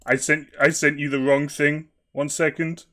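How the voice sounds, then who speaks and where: A man's voice: a little high, level tone, normal speed, a bit bright. A man making a prank call over voice chat, feigning whiny panic and confusion in an overacted way.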